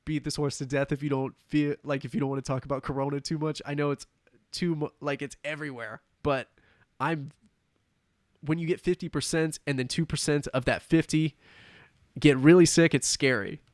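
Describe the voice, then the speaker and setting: A man's voice: a little high, fairly even intonation, normal speed, no echo, studio quality. A man speaking as a podcast guest in casual conversation, earnest and thoughtful.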